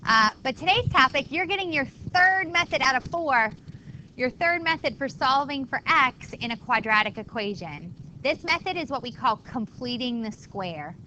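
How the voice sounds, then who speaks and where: Woman math teacher, bright tone, chatty classroom explainer, slight room noise. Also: high voice, expressive, normal speed, poor audio. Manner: chatty, explains step by step to students. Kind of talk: classroom lecture.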